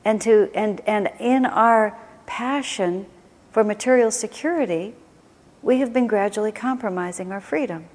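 Speaking unhurriedly in a medium-pitched, darkish voice, a woman from the US teaches a spiritual class. Her delivery is reflective and conversational, with many restarted sentences. Long hall reverb colors the sound.

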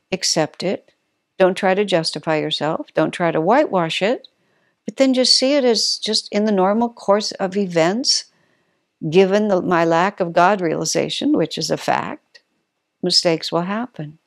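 A woman voicing a calm older male spiritual teacher who speaks gently but bluntly. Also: on the low side, a little slow. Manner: gently blunt, matter-of-fact.

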